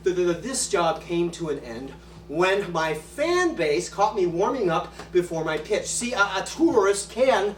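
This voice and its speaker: An actor playing a jittery middle-aged man with vocal tics, a former infomercial pitchman, in a live theater monologue; he stammers and repeats words. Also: sing-song, unhurried, a little hiss or hum. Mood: wry. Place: small theater stage. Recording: echoey live theater from far off.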